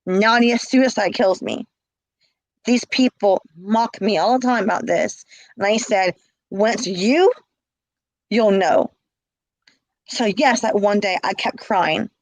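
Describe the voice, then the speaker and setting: A middle-aged woman with a mid-range voice takes her time, leaving long pauses, while passionately relating an emotional story from her life in an interview. She repeats herself and acts out quoted calls. The recording is rough and echo-free.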